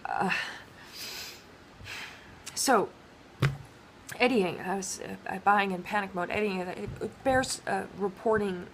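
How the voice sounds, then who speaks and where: A woman talking in a rambling personal monologue, halting with many restarts and fillers. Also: mid-range voice, background noise.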